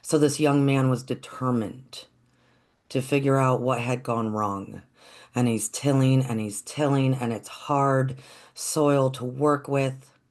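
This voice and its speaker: A storyteller telling a folktale in a gentle, reflective, unhurried way. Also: mid-range voice, fairly even intonation.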